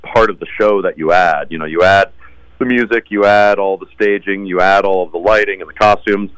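A man's voice: sits low, fairly even intonation, fairly quick, fairly bright tone, clear, resonant tone, dry recording, low-quality recording. A man who acts in musical theater, answering interview questions in an earnest, conversational way. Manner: earnest, repeats words when starting. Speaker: musical theater actor guest.

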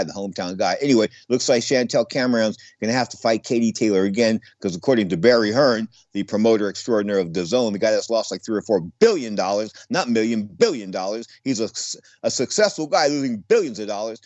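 An older former boxer, now a boxing commentator, delivers a casual monologue in a medium-pitched, darkish voice. He rambles and digresses, repeating himself and circling back again and again. The lo-fi audio sounds dull, with no room sound.

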